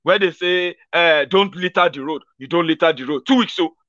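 A man with a Nigerian accent talks straight to camera in a loose, animated commentary, often slipping into other people's voices. His voice sits fairly high for a man. The recording is dry, with a slightly dull, muffled top end. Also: moderate pace, dry recording. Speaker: political commentator. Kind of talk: casual commentary monologue.

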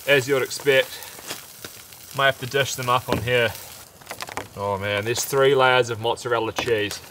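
A young outdoor vlogger with a medium-pitched voice talks at a moderate pace, chatty and upbeat, eating as he films a casual camping vlog. He's under a shelter at a rainy campsite, and the recording is full of heavy rain noise, with steady rain and a crackling fire behind him.

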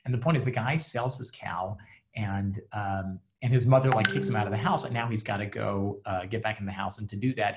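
A man, a rabbi, giving a casual class presentation over a video call, chatty and joking with many fillers. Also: on the low side. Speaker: rabbi and relationship teacher.

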